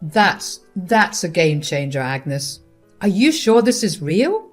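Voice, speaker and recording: A woman narrator voicing a greedy, scheming husband who asks excited, eager questions. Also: sits high, slow pace, soft background music, exaggerated voice.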